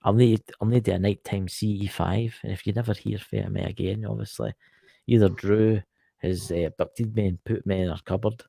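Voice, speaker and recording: A Scottish-accented man co-hosts a podcast in casual banter, joking, teasing his co-host and laughing often. His voice is lowish, fairly even and fairly quick, gravelly, mellow and husky, with no echo.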